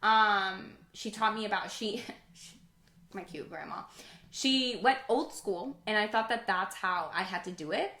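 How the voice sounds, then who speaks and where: Bright-voiced chatty woman podcaster. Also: medium pitch, lively intonation, a little slow. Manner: chatty, laughs often. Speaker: podcast co-host. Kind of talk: casual chat. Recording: echoey room.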